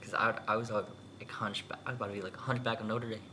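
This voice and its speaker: A man's voice: lowish voice, racing, a little hiss or hum. A young man, a new sailor, telling stories animatedly in a casual podcast chat. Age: young adult. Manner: animated storytelling with quoted voices.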